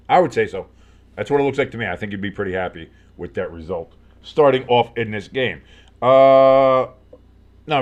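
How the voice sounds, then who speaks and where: A man's voice: mid-range voice, highs cut off. Male fan calling games play-by-play, chatty, loose, lots of fillers, leaps up when plays break open. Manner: rambling, many fillers, jumps up on big plays. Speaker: sports fan commentator. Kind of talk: casual play-by-play with reactions.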